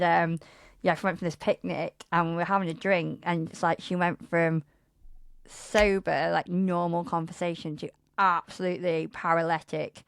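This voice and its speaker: A woman in her thirties on a podcast, telling a dating story in casual chat and acting out quotes loudly with laughter. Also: vocal fry, dry recording, clean studio sound. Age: 30s. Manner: animated, laughing, acts out quotes in a loud high voice. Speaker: podcast co-host.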